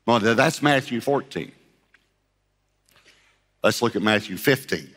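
A male pastor delivering a sermon with a bright, forceful voice. He tells the story in an animated way, acting out the voices and laughing along. His words ring out with a long hall reverb behind them. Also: medium pitch, unhurried, long pauses.

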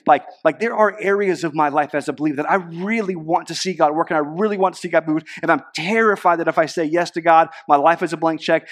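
A young man preaching a sermon as a pastor, casual and conversational, with frequent fillers. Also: on the high side.

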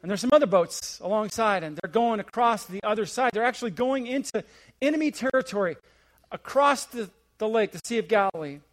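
A middle-aged man preaching a sermon with a fairly high voice. He climbs into emphatic, rising questions, then falls to near-whispered, hushed lines. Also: lively intonation, a little fast. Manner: swings between rising, emphatic preaching and hushed, low asides. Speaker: visiting senior pastor.

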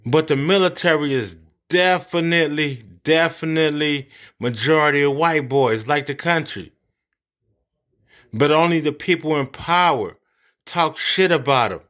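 A man's voice: a little high, a little slow, fairly bright tone. A man ranting angrily about politics, profane and blunt. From United States. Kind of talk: angry political rant.

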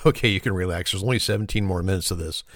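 Rapid-fire and low-voiced, a man tells corny one-liners and a lengthy shaggy-dog joke amid background noise. Self-deprecating throughout, he chuckles at his own punchlines and apologizes for each one.

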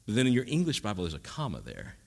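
A man's voice: fairly low pitch, wildly swooping pitch, fast talker. A man preaching a sermon in a conversational teaching style, with jokes and asides. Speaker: pastor.

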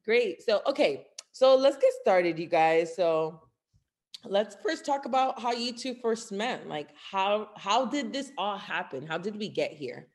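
A woman's voice: medium pitch, expressive, measured pace. A woman co-hosting a podcast in a bubbly, casual chat, laughing often. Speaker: podcast co-host.

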